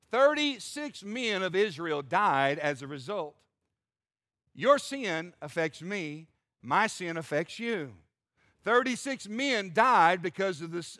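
A male preacher with a high, bright, forceful voice delivers an animated sermon. He breaks into humorous asides, and the sound is dry and close. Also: dry recording. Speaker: pastor.

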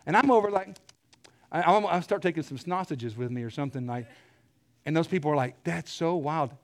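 A middle-aged man preaching a sermon, telling stories with animated energy and clearing his throat often. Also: a little high, brisk.

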